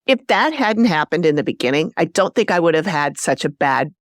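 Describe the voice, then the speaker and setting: A woman's voice: low-pitched, sing-song, fairly quick, no room sound, clean studio sound. A woman co-hosting a casual podcast, chatty and agreeable, also reading the show's outro. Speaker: podcast co-host. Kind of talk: casual chat and scripted outro.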